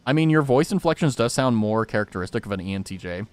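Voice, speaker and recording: A man's voice: medium pitch, animated, quick pace, a little mellow, clear, resonant tone. A young man streaming a game, chatting casually with viewers in a jokey, rambling way and reacting aloud to what happens on screen. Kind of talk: casual gaming stream chat.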